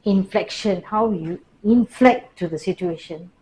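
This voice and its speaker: A woman's voice: mid-range voice, rough recording. Woman trainer lecturing a class. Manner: lively, drops to slow deliberate emphasis. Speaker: workplace trainer.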